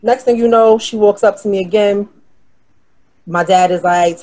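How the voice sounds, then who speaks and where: A woman's voice: mid-range voice, normal speed, pauses often. Brash, profane woman from New York; casual storyteller who acts out the quotes. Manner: brash, profane, animated retelling with quoted voices.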